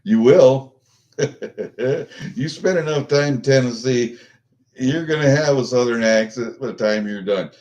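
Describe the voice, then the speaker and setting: In lo-fi audio, a middle-aged vlogger rambles casually to his live viewers, cursing and filling the talk with ums and restarts. His voice is medium in pitch and a little mellow, at a moderate pace.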